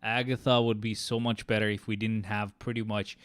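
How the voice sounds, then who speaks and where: A man's voice: lowish voice, level tone, fairly quick, clean tone, no room sound. A man streaming a game and rambling casually, with loose, chatty talk full of fillers and restarts. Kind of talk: casual rambling chat while gaming.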